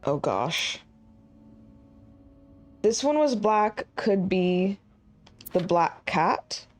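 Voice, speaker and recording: A woman's voice: medium pitch, sing-song, very slow. A woman streaming a game live, chatting casually and thinking aloud as she works through puzzles.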